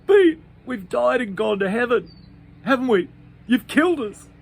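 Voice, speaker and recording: A man's voice: big pitch swings, measured pace, slightly rough, heavily acted. A man voicing a timid, fretful male pea who panics and whines, in a storybook reading. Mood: panicked. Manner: panicky, whiny, high-strung.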